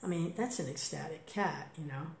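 A woman's voice: sits low, moderate pace, creaky. An older woman in a casual spiritual talk, emotional and exclaiming, laughing often. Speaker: devotee sharing reflections. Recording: roomy with faint background noise.

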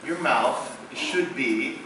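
A man with a Venezuelan Spanish accent, a native Spanish speaker, leading a vocal workshop, explaining in halting English full of fillers and breaking into sung syllables. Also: medium pitch, pushed and bright. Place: large hall. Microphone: far room microphone. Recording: distant, very echoey hall with background noise.

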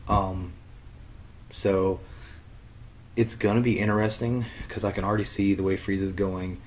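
A man's voice: low-pitched, level tone, unhurried, darkish tone, slight background noise. A man hosting his own channel, casually talking through an episode in a rambling way with lots of fillers and restarts, a little under the weather. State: under the weather, slightly ill. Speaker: channel host. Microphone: computer webcam mic.

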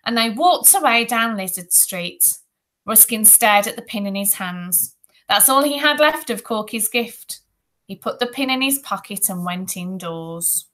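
A woman primary school teacher reading a children's book aloud to her class with slow, clear expression. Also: medium pitch, pushed and bright.

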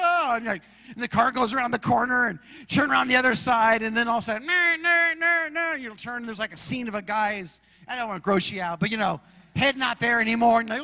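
Bright, high-voiced animated male pastor. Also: vocal fry, long reverb tail. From Arizona, USA. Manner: animated storytelling, acts out shouts and roars. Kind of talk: sermon.

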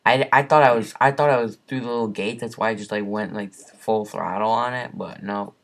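A young man giving profane, exasperated gameplay commentary as the host of a gaming channel, swinging between muttered curses and yells. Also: fairly low pitch, brisk.

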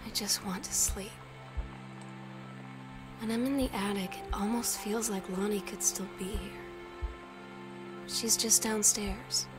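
An actress voicing a lonely, wistful teenage girl who reads her journal entries aloud as a game voice-over in a soft, unhurried way. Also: mid-range voice, steady tone, lightly acted. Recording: voice-over under game music.

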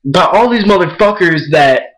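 A man's voice: sits high, animated, normal speed, background noise. A young man ranting angrily into his camera, profane and repetitive. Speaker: vlogger. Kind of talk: angry rant to camera.

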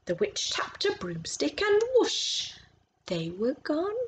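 A woman reading a picture book aloud to children, expressive and stopping to ask about the pictures. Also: medium pitch, measured pace, rough recording. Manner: expressive, asks listeners questions about the pictures. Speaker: storytime reader.

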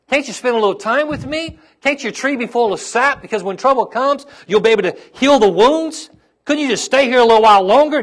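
A man's voice: sits high, fairly bright tone. A man, a pastor preaching a sermon to his congregation and calling out to them as his intensity rises.

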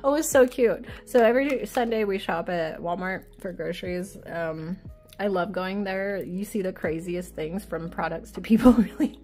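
A woman's voice: fairly low pitch, normal speed, darkish tone, soft background music. A woman with a child chatting casually while flipping through an oracle deck, giggling often, wandering off-topic and teasing herself. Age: adult with a child. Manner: chatty, giggly, self-deprecating, easily sidetracked.

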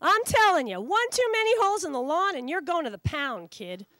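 A woman voicing a brash, mean male guard dog in a storybook reading, in a gruff, warning tone. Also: extremely high pitch, sing-song, fairly quick, pushed and bright, no echo, clean studio sound, pitched above the performer's own voice, exaggerated voice.

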